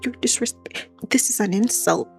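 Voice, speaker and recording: A woman's voice: medium pitch, measured pace, vocal fry, a little mellow, faint music behind. A woman voicing an indignant, defensive middle-aged aunt who talks in a raised, huffy way.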